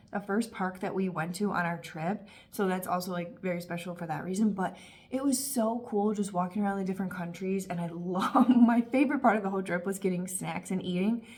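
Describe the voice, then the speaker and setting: A woman in her thirties talking casually and warmly about candles, gushing and chatty with lots of fillers. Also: mid-range voice, normal speed. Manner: gushing, emotional, talkative with frequent fillers. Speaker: candle reviewer. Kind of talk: casual review vlog.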